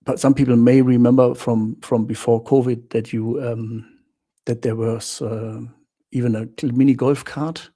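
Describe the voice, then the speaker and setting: Slow, gravelly-voiced man hosting live chat. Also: medium pitch, fairly even intonation, dark tone. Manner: chatty, greets viewers by name, laughs often, simple non-native English grammar. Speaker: travel channel host.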